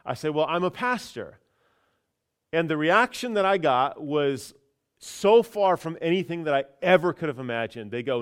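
A pastor telling a personal story in a casual, chatty sermon, with many fillers and restarts. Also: male voice, fairly high pitch, animated, moderate pace, clean tone.

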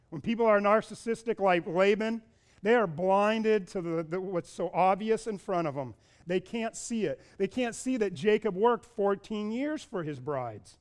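High-voiced, animated male preacher. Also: moderate pace. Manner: animated, acts out voices of the people in the story. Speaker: pastor. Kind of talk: sermon.

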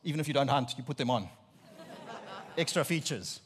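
Afrikaans accent guy in his 30s preaching, funny stories, acts out disbelief, middle pitch. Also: brisk, husky. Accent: South African Afrikaans. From South Africa. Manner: humorous, animated storytelling with mock-incredulous asides. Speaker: pastor. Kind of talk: sermon.

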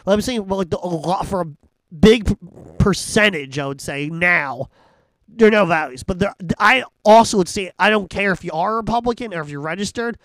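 A brash, joking man hosting a comedy podcast, swearing freely in loose chat. His voice sits high and the words come out quickly. The sound is close and dry. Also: lively intonation, fairly bright tone, dry recording, low-quality recording. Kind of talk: casual chat.

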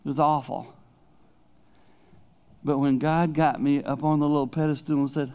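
Middle-aged male preacher: candid, animated storyteller with excited high-pitched peaks, dull lo-fi church recording. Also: moderate pace, pauses often, clean tone. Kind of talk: sermon.

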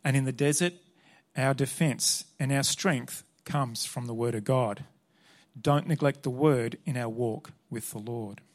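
A man's voice: mid-range voice, fairly even intonation, unhurried. A man preaching a sermon, earnest and emphatic as he reads Scripture and drives his points home. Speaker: pastor.

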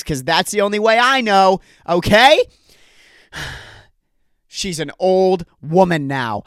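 A man's voice: high-pitched, fairly bright tone, no room sound. Ranting young man, dry close sound. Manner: exasperated, ranting, jokey asides. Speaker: podcast host. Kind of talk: solo comedic podcast rant. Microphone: home recording setup.

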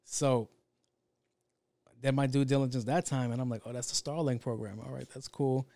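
A man's voice: medium pitch, fairly even intonation, normal speed, gravelly, warm tone, dry recording. A young man in a casual solo monologue, rambling and profane, drifting off on tangents.

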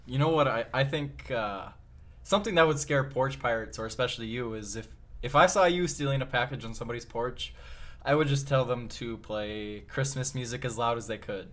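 A man's voice: medium pitch, a little fast, fairly bright tone. A young man co-hosting a podcast in casual chat, teasing with dry humor and chuckling at his own jokes. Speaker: podcast co-host.

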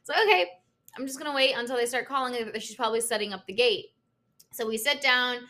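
A woman's voice: on the high side, fast talker, bright, forceful tone. A young woman in casual chat, telling a story with lots of fillers and cursing.

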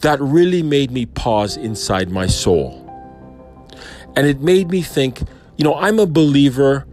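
A man talking through his thoughts in an unscripted monologue, questioning and pausing often as he weighs his words. His voice sits at an ordinary middle pitch. Soft music plays faintly underneath. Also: animated. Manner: thoughtful, questioning, with frequent pauses and fillers. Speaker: Christian believer reflecting on a sermon. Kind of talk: personal reflective monologue.

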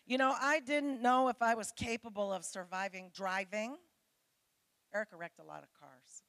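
A woman's voice: a little high, fairly even intonation, normal speed, fairly bright tone. A middle-aged woman, a pastor's wife, giving a conversational sermon to her church, full of family stories and told in a chatty, candid way. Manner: chatty and candid, with laughs and mimicked voices.

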